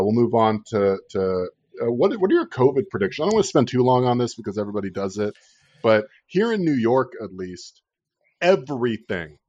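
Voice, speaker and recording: A man's voice: medium pitch, a little mellow, no echo. A man hosting a casual political chat podcast, ranting sarcastically and swearing freely. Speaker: podcast host. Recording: dull lo-fi dry recording.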